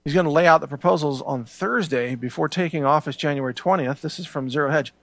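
A man's voice: on the high side, fast, vocal fry, fairly bright tone, dry recording. A middle-aged man hosting a political show, speaking in a heated, ranting monologue that often repeats words. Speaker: show host.

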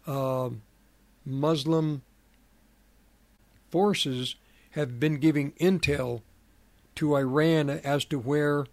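A middle-aged man hosts a prophecy commentary program, speaking in a slightly high voice. He talks very slowly and haltingly, with plenty of fillers and restarts. The recording is close and dry, with no room sound. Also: no echo. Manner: slow, halting delivery with many fillers and restarts. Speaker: radio program host.

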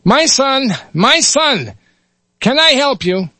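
A man's voice: very high-pitched, sing-song, slow, bright, forceful tone, no echo, pitched above the performer's own voice, exaggerated voice. A man voicing an eager, fussy little rabbi in a told joke. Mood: coaxing.

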